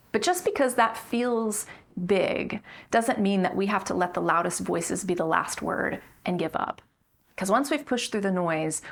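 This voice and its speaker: Gravelly-voiced woman preaching a measured sermon. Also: medium pitch, a bit bright. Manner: measured, building repetition with rising emphasis. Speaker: pastor. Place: church sanctuary.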